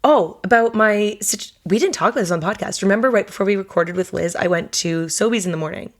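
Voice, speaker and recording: A woman's voice: mid-range voice, fast talker. A woman co-hosting a podcast in casual chat, rambling with many asides. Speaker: podcast co-host.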